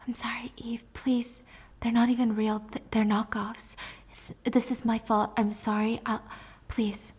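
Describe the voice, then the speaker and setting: A woman's voice: on the high side, flat delivery, measured pace, a little mellow, husky. A woman voicing a frightened bullied teenage boy who pleads in a stammering whisper, in a whispered role-play. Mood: pleading.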